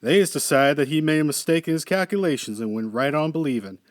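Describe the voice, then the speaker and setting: Man reading as a gruff skeptical engineer. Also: fairly high pitch, fast talker, dry recording, studio quality, natural voice. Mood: musing. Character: weary, skeptical male engineer, dry and gruff.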